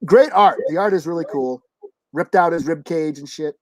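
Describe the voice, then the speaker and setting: A podcast co-host casually reviewing a comic, talking in a halting way with restarts and casual swearing. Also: medium pitch, dry recording.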